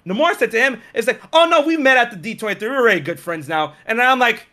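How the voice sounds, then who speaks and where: A man's voice: very high-pitched, rapid-fire, few pauses, over a noisy crowd, heavy background noise. A man who streams and makes videos tells a casual story, animatedly acting out what other people said and filling his speech with "uh" and "like.". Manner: animated, acts out other people's lines in quotes, many fillers. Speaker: streamer and content creator.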